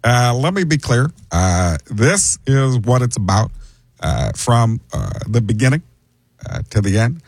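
A man doing a comic impression of a measured male politician who speaks slowly with many hesitations. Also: medium pitch, very animated, dry recording. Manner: slow, halting with many uh pauses.

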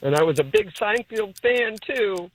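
Woman, New York accent, caller, lively pitch, flustered, laughing. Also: measured pace, low-quality recording. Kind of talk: phone-in call.

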